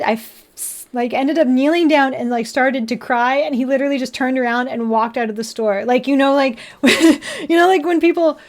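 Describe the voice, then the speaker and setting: Brief: high-pitched woman streamer, casual and giggly, swears a lot, live chat. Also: darkish tone. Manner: chatty, laughs often, swears casually. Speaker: livestreamer building model kits.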